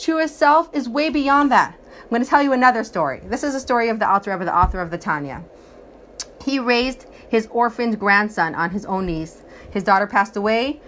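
Woman teacher telling stories, slightly high voice. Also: fairly bright tone, slight background noise. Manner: storytelling, acts out voices, emphatic. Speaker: religious teacher.

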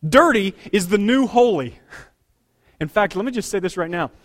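Brief: middle-aged male pastor, high tenor voice, punchy preaching that drops low and rises loud. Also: lively intonation, moderate pace. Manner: emphatic preaching with sudden loud and quiet turns. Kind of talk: sermon. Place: church sanctuary.

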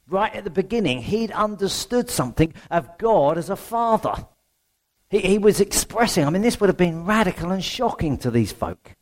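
A man's voice: high voice, big pitch swings, moderate pace. A middle-aged man preaching a sermon in a conversational way, often asking the congregation questions.

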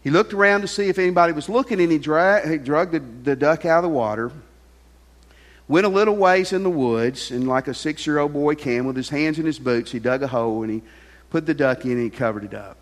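A pastor preaching a sermon, telling a story and sinking to a soft hush on key lines. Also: male voice, on the high side, a little fast. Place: large church hall. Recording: long hall reverb with faint music.

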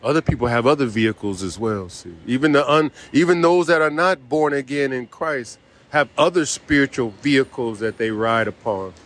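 A man's voice: medium pitch, normal speed, a bit bright. A man preaching a sermon, speaking emphatically, repeating key phrases and dropping in a frequent "see".

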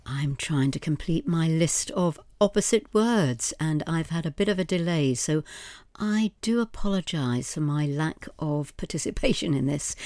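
A middle-aged woman teaches vocabulary on her podcast, repeating each word and spelling it out. Her voice sits fairly low. It is recorded close and dry, with no room sound. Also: dry recording. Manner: steady, explanatory, repeats words slowly, spells letters. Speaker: podcast host, English teacher. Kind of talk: vocabulary lesson, spelling out words.

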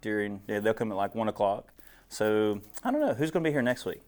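A man's voice: lowish voice, lively intonation, a little fast, darkish tone. Male preacher, folksy and joking, casual talk to a small group, lapel mic. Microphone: clip-on wire mic.

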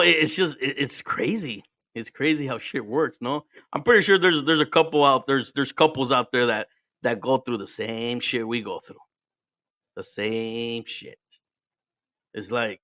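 Bright-voiced Mexican man swapping languages. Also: medium pitch, dry recording, studio quality. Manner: swears freely, switches between English and Spanish, laughs often. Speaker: podcast host. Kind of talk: casual storytelling chat.

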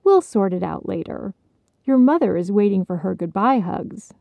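A woman's voice: mid-range voice, lively intonation, normal speed, creaky, dry recording, highs cut off. A woman voicing a mild, soothing older woman who minds children, in a storybook reading.

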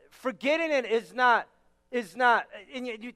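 A man pastor preaching a sermon emphatically, repeating words and shouting key phrases. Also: very high-pitched, unhurried, clear, resonant tone, long reverb tail.

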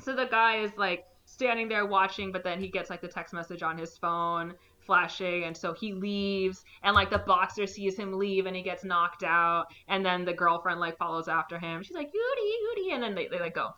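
A woman's voice: fairly low pitch, steady tone, moderate pace, hardly any pauses, bright, forceful tone, highs cut off. A young woman casually recapping a movie plot, rambling with lots of "like" and acting out the characters' lines.

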